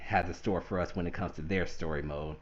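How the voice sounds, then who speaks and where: Guy hosting a gaming podcast, lively and laughy, kinda muffled audio. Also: deep voice, fairly quick, slight background noise. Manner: animated, laughs often, acts out quotes. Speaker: podcast host. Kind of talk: casual chat.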